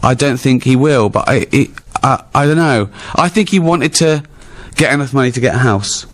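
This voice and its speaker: A man's voice: mid-range voice, moderate pace. A middle-aged English man with an English accent, a guest telling funny stories in an interview, laughing often, swearing freely and acting out other people's lines. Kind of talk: anecdotal storytelling in a live town hall interview.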